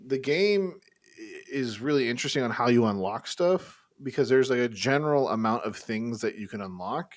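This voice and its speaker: A man co-hosting a gaming podcast, chatting casually and excitedly with swearing and filler words. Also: medium pitch, moderate pace. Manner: animated, swearing, "like" and "dude" fillers. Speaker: podcast co-host. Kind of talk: casual chat.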